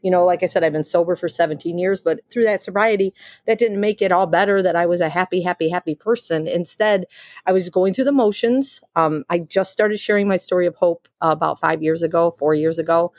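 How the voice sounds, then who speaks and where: A middle-aged woman hosting a podcast, telling her own story in a candid, halting way with many pauses and restarts, recorded outdoors in some wind. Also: lowish voice, darkish tone, no room sound, clean studio sound. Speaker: podcast host. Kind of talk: personal testimony podcast.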